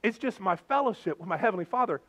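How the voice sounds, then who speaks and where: A male pastor preaching a sermon in an animated, conversational way with playful asides. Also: high voice, fast talker.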